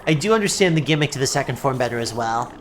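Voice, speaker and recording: Excitable woman streamer, lively pitch. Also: fast, slight background noise. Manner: excitable, yells at the game, then apologizes. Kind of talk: live gameplay commentary.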